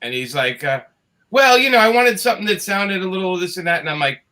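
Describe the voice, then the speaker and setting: A man's voice: high voice, fast. A middle-aged man, a guest comics creator, telling a casual story and acting out the dialogue in it. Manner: animated, acts out quoted dialogue.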